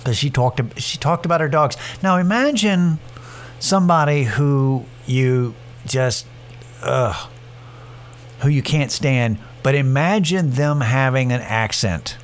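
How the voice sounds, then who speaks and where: Rambling, foul-mouthed podcast host. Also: male voice, medium pitch, slow pace. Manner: rambling, profane, restarts a lot. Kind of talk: casual storytelling.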